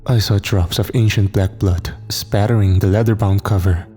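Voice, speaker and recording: A man tells a horror story in a steady, somber narration. His voice sits low and sounds mellow and dark. Soft music plays under him. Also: normal speed.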